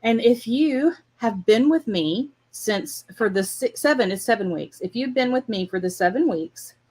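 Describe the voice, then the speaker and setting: A woman's voice: fairly high pitch, animated, moderate pace, breathy edge. A woman hosting a casual livestream drawing lesson, chatting while she draws and laughing often. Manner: chatty and warm-hearted, laughs often, chats to her dog while drawing. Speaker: art class host.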